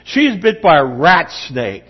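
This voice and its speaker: A man's voice: on the high side, very animated, unhurried, slightly rough. A middle-aged man preaching a sermon to a room, telling stories with animation and quizzing the audience. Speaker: pastor. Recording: dull lo-fi recording.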